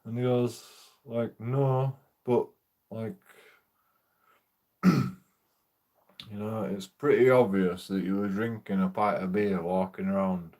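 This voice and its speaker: A man's voice: lowish voice, fairly even intonation, slow, long pauses, a little mellow. A man casually telling a rambling, profane story while streaming a game, laughing often.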